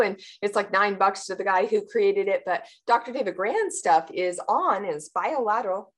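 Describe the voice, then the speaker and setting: A woman talking in a casual interview, explaining her work with athletes in a lively way, often acting out what her clients say and laughing. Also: mid-range voice. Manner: animated, acts out clients' voices, laughs often. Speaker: sports performance practitioner.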